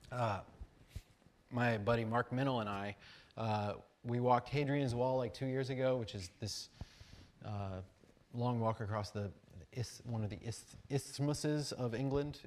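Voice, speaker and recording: An American man giving a talk, reading reflective passages and telling rambling, animated anecdotes with fillers and restarts. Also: medium pitch, slight background noise. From United States. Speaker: speaker at an arts conference. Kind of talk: talk mixing read essay and casual anecdote.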